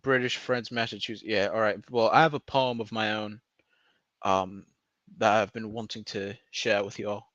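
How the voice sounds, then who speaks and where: A young man chatting casually to his stream, rambling and swearing, breaking into loud laughter. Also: fairly low pitch, fairly even intonation, moderate pace, no room sound. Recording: dry, slightly muffled lo-fi audio.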